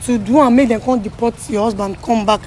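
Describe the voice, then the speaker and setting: A woman with a Nigerian Pidgin accent who questions a couple and tells the husband again and again to calm down. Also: on the high side, brisk, a little hiss or hum. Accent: Nigerian Pidgin English. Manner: calm questioning, repeatedly urging relax. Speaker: host mediating a family dispute.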